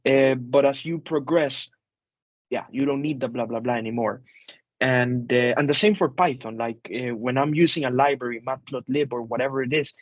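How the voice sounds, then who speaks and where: A man's voice: mid-range voice, brisk, no echo, dull audio. A man, an instructor, leading a casual group discussion over a video call, chatty, with fillers and repeated phrases.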